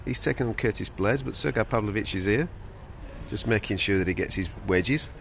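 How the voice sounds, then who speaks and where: A man hosting a live weigh-in show, chatty and jokey with quick asides. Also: lowish voice, vocal fry, slight background noise. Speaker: host. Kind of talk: casual fight commentary.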